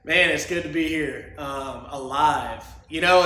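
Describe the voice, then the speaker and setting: A man's voice: fairly high pitch, takes it slowly, reverberant, heavy background noise. A man hosting a solo podcast, talking in a rambling, crude and opinionated way and laughing often. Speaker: podcast host.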